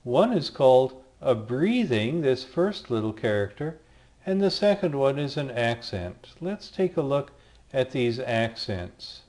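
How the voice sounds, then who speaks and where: Man, Greek teacher, recorded lesson, slow deliberate pace, patient, sounds out letters. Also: mid-range voice, big pitch swings, a little mellow. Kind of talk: screen-recorded language lesson.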